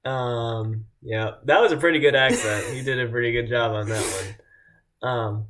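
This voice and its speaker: A man's voice: mid-range voice, moderate pace, a bit bright. A man chatting casually on a live stream from his home kitchen, joking and laughing often. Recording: echoey room with background noise.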